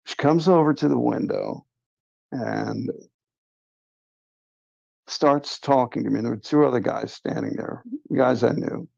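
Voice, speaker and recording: A man with a deeply gravelly, fry-laden voice tells a story from his own life in a casual, confiding way. His tone is dark and mellow. The recording is dry and close, with dull lo-fi stream audio. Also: dry recording. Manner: earnest, confiding, recounting a strange encounter. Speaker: livestream host. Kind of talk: casual first-person storytelling.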